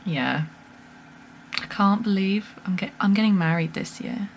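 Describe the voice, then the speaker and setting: A woman's voice: medium pitch, unhurried, vocal fry, a little hiss or hum. A woman chatting casually to camera at home, telling a story animatedly with laughs and fillers. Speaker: vlogger. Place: home room with a lamp.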